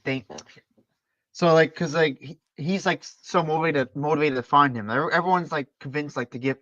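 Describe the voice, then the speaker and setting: A man chiming in on a casual film discussion, halting and full of fillers. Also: a little high, fairly bright tone, dry recording. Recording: dry, dull lo-fi mic.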